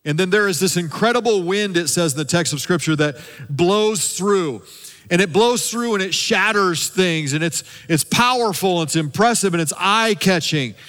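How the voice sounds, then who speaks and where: A man who is a lead pastor, preaching a sermon and dropping at times into a soft, hushed voice for emphasis. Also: high voice, moderate pace, in a large hall. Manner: preaching with dramatic drops to a soft hush.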